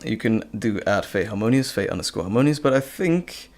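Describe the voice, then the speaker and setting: A man hosting a casual live stream, chatting in a relaxed, rambling way with chuckles. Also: lowish voice, a little fast. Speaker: host.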